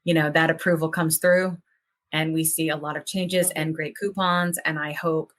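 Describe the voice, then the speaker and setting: A woman's voice: deep voice, little pitch movement, normal speed, a bit bright. A woman hosting a podcast, talking casually in long, earnest, hopeful run-on thoughts. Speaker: podcast host.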